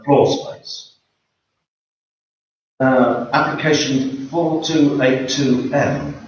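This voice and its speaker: A man speaks formally at a town council meeting, choosing his words slowly with many pauses. He is picked up from a distance, with heavy room echo and a muffled, dull sound. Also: mid-range voice. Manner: measured, hesitant with frequent fillers. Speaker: member of the public at a council meeting. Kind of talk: formal public comment. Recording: echoey, dull room recording from far off.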